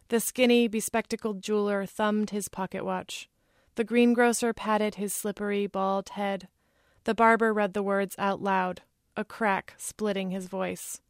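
A woman author reading a passage from her own novel in a measured, unhurried literary manner. Her mid-pitched voice is recorded close and dry, with no echo of the room.

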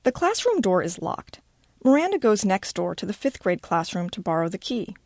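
An animated woman reading a story. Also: medium pitch, normal speed, dry recording, clean studio sound. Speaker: reader. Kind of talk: reading a short story aloud.

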